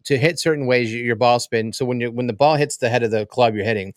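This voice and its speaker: Fast-talking man giving casual advice. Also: mid-range voice, dry recording, studio quality. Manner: eager advice-giver, laughs often. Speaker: podcast co-host. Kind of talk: casual chat.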